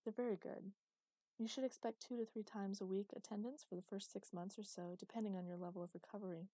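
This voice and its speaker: Woman reading a courteous hospital doctor; mellow, unhurried. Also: mid-range voice, steady tone, no room sound, lightly acted, low-quality recording. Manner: polite, businesslike. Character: polite professional woman doctor. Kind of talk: audiobook character voice.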